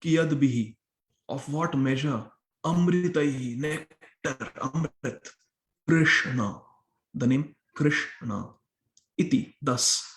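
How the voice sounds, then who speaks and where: A man's voice: mid-range voice, slow. Man explaining scripture in an echoey hall. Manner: explains a verse word by word, repeating phrases for emphasis. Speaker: temple lecturer. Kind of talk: scripture class sermon. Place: temple hall. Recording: roomy echo of a hall.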